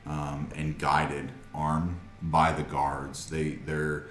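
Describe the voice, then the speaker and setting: A man's voice: very deep voice, little pitch movement, very slow, a bit bright, reverberant, faint music behind. A man narrating a tabletop game as game master, with many hesitant fillers.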